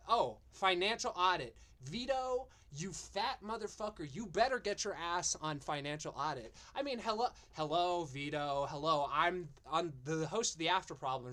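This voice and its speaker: A man's voice: a little high, bright, forceful tone. A man hosting a stream, ranting in a profane, mocking and exasperated way. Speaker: streamer and show host.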